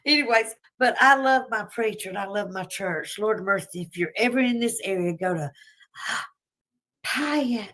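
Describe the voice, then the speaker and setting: A woman's voice: mid-range voice, fairly quick, hardly any pauses. A woman with a Southern US drawl chats through a casual livestream in a mid-range voice. She is folksy and talkative and breaks into laughs as she goes. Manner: chatty, warm-hearted, folksy, laughs often. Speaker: livestream host.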